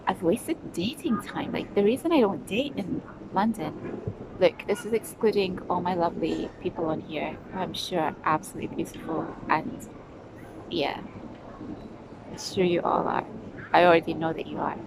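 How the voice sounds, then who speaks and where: With vocal fry in her low-leaning voice, a middle-aged woman from the UK vlogs her travels on her phone at a normal speed. She rambles, laughs, and talks to herself, while traffic makes the outdoor recording noisy.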